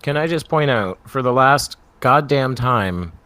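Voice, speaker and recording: A man's voice: mid-range voice, animated, unhurried, sharp tone, dry recording. A man hosting a casual live chat, easygoing and laughing often. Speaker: host.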